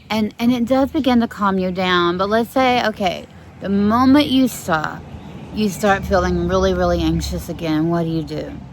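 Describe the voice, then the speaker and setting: A middle-aged woman therapist gives calm instructions and gently demonstrates slow breathing, recorded outdoors in the sun. Her voice is fairly low in pitch, with birds singing and slight background noise behind her.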